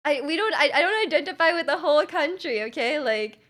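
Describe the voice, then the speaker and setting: A woman's voice: high-pitched, lively intonation, a little fast, fairly bright tone. A young woman from Canada, a streamer chatting casually with her live chat, rambling with lots of restarts and fillers and laughing often.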